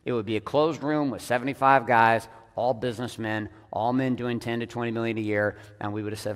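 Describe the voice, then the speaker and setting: A man leading a business audience as a coach, talking bluntly and with lots of swearing, swinging between loud emphatic bursts and hushed, intense passages. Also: lowish voice, steady tone, fairly quick, big-room sound. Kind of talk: profane motivational talk on stage.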